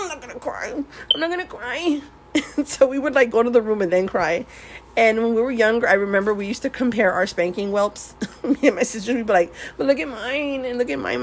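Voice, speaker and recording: A woman telling her life story in a casual vlog, rambling, laughing often, swearing and dropping in Spanish words. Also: mid-range voice. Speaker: vlogger. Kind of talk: casual storytelling while swatching paints.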